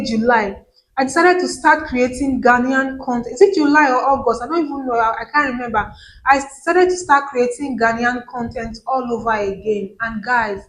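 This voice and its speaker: A woman's voice: high voice, a little hiss or hum, rough recording. A woman from Nigeria with a Nigerian accent, chatting casually to camera as a vlogger and repeating words for emphasis.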